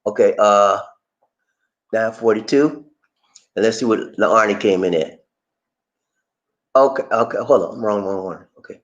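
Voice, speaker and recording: A man hosting a casual livestream, playful and animated, greeting viewers by name and laughing often. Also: fairly low pitch, normal speed, pauses often, lo-fi sound. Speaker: livestream host. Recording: echoey room.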